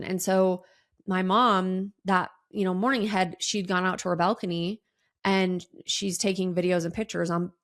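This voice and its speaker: A woman's voice: lowish voice, vocal fry. A woman hosting a solo podcast, telling a personal story in a chatty way with many ums and restarts. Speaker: podcast host.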